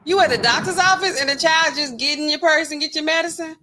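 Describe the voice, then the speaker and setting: A woman hosting a casual livestream, reacting to news clips and talking straight to her chat in relaxed slangy speech. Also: sits high, quick pace, a little hiss or hum. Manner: chatty and animated, talking straight to chat viewers; relaxed slangy speech with frequent filler words.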